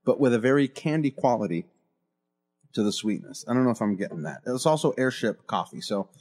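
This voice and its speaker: A man hosting a casual coffee review show, chatting and teasing his co-host in a relaxed way. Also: mid-range voice, fairly quick, breathy edge. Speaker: podcast host. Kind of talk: casual chat.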